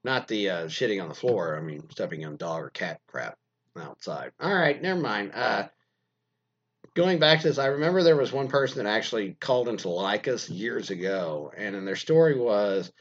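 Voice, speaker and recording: A man's voice: lowish voice, lively intonation, normal speed, a bit bright. Rambling man with a dull, lo-fi sound. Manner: crude, joking, meandering with many fillers. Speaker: podcast host reading listener stories. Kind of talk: casual rambling chat.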